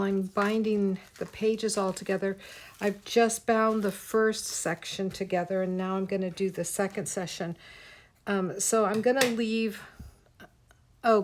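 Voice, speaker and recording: A woman chatting casually with viewers while teaching a craft on a livestream. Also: medium pitch. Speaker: art teacher.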